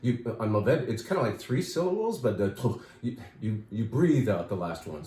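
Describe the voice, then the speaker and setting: A chatty, enthusiastic man with a lowish voice talks up new products in a casual, rambling way. His voice rings in a roomy, echoey space. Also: animated, moderate pace, warm tone, a little hiss or hum. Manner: chatty, enthusiastic, with fillers and asides. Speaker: wine shop host.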